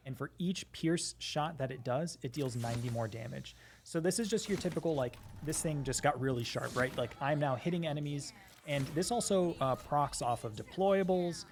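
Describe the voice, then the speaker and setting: A man casually explaining game mechanics in a relaxed way, using lots of filler words. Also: medium pitch. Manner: relaxed, explains with many likes and rights.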